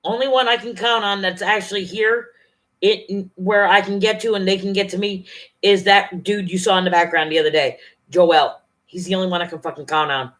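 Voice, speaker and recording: A woman's voice: mid-range voice, fairly even intonation, a bit bright. A woman venting angrily and profanely on her vlog, talking straight to her viewers. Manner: angry, profane, fast-shifting rant. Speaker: vlogger.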